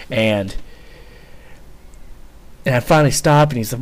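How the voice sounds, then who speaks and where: A man's voice: on the low side, fairly quick. A young man casually telling a rambling, profane story, full of fillers and swearing. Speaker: vlogger, former Marine.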